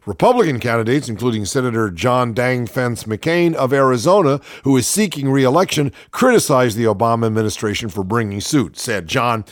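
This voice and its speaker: A man's voice: medium pitch, a little fast, few pauses, no room sound, studio quality. A man hosting a comic radio talk show, reading news items and telling stories with sardonic, mocking commentary.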